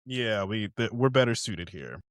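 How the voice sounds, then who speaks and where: A man's voice: moderate pace, dry recording. A man co-hosting a podcast in casual chat, sarcastic and profane, acting out quotes. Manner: expressive, sarcastic, profane, acts out quotes in high voices. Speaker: podcast co-host.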